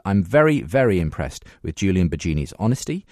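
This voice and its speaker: A man's voice: sits low, animated, fast talker, few pauses, darkish tone, no echo, clean studio sound. A man hosting a radio show, reading listener emails aloud with frequent "uh" fillers. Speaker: radio host. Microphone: studio microphone.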